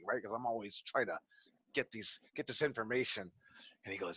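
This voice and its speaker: A man coaching a wrestling class over a video call, telling stories in an animated, profane way. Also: fairly low pitch, brisk, husky, dry recording, muffled recording. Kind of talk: online class, casual coaching talk.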